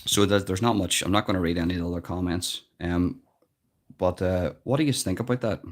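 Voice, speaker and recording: A man's voice: low-pitched, fairly quick. An Irish man hosting a live stream, giving earnest, emphatic commentary and often repeating words as he thinks, recorded without a proper microphone. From Ireland. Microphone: built-in device mic, no external mic.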